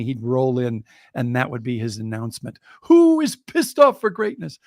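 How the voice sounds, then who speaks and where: Guy with a gravelly voice telling a story on a podcast, dry close sound. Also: medium pitch, no echo. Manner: reflective, animated when quoting others. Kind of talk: conversational storytelling.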